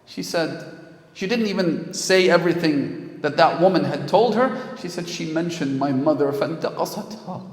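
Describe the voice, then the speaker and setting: A man's voice: fairly high pitch, expressive, moderate pace. A man preaching a sermon, telling a story and swelling with emotion at key moments. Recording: echoey hall.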